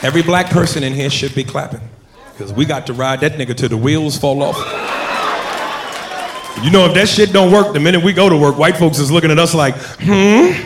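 A male comic with a fairly high voice works the room loud and punchy. The recording is roomy and echoey, with a noisy crowd behind him. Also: a little fast. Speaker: stand-up comedian. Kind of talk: stand-up comedy. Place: comedy club stage. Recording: echoey club with crowd noise.

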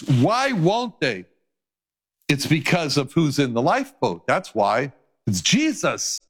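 A man's voice: very animated, slow, breathy edge. A man preaching a sermon as a Bible teacher, earnest, his voice rising as he quotes scripture. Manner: earnest preaching, rises in pitch when quoting scripture.

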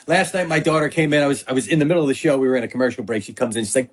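A middle-aged man, a sports reporter guest, telling stories in a lively way and acting out what others said. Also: medium pitch, rapid-fire, breathy edge. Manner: animated storyteller, acts out quotes. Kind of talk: casual sports talk.

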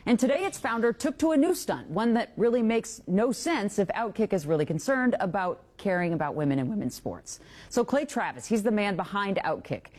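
A woman news anchor reading a scripted commentary with a measured, pointed delivery. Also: medium pitch, sing-song, darkish tone.

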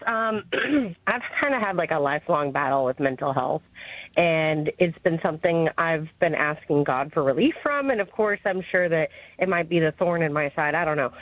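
A woman's voice: fairly low pitch, no echo. A woman in her thirties calling a radio show, hesitant and emotional, full of "like" and "um". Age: 30s. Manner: hesitant, emotional, filler-heavy. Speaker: caller. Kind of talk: phone call to a radio show. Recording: tinny phone line.

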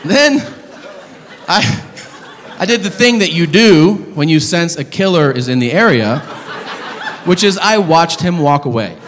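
A male stand-up comedian with a fairly high, very lively voice that swings up when he is incredulous. He tells his stories brashly and swears freely. The sound rings with long reverb through a live club, with an audience in the room. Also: unhurried, long pauses, a faint crowd. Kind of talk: stand-up storytelling.

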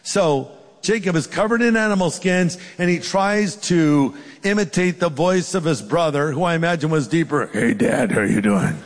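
Storytelling pastor in a big hall. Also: male voice, on the high side, moderate pace. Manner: storytelling with acted-out voices. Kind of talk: sermon.

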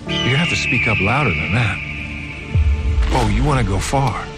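A man's voice: mid-range voice, lively intonation, moderate pace, lightly acted. A man playing a goofy, self-absorbed golfer. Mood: coaxing. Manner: coaxing, goofy, talks to his golf ball. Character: self-absorbed washed-up male pro golfer. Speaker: actor in comedy series. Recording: series clip with loud music behind.

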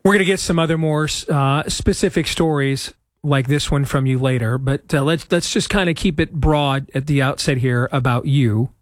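A man's voice: a little high, normal speed, hardly any pauses, no room sound, studio quality. A man hosting an interview, asking questions in a conversational, joking way. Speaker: host.

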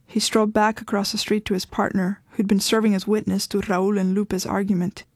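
A woman reading her own short fiction aloud in a measured, even manner. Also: mid-range voice, dry recording, studio quality. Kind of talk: literary story reading.

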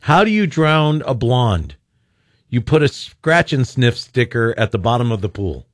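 A man's voice: mid-range voice, sing-song, unhurried. Radio host guy, joking around with callers, lots of swing in his voice. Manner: jokey, laughs often. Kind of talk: call-in radio banter.

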